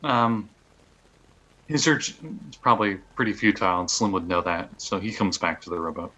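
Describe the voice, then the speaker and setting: A man playing a tabletop game, speaking quickly and matter-of-factly. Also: lowish voice, sharp tone, low-quality recording. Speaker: player.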